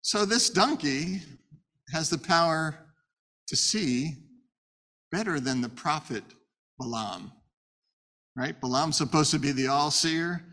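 Animated male Torah teacher retelling a story. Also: a little high, takes it slowly, pauses often. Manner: animated, conversational, rhetorical questions. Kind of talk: storytelling Bible lesson.

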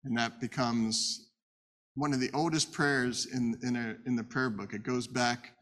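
Animated male Torah teacher retelling a story. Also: medium pitch, unhurried. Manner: animated, conversational, rhetorical questions. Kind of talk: storytelling Bible lesson.

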